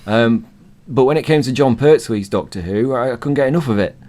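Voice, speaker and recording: A man in his thirties, hoarse from being ill, chatting casually and rambling enthusiastically as a co-host. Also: mid-range voice, brisk, darkish tone. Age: 30s. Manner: rambling, enthusiastic fan talk. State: hoarse from illness. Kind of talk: casual chat.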